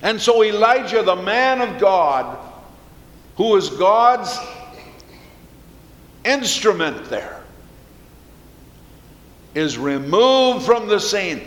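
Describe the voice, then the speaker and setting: Slow high-voiced preacher in echoing hall. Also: male voice, very animated, a bit bright. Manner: slow, earnest preaching with emphatic repetition. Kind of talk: sermon. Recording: echoey hall with long reverb.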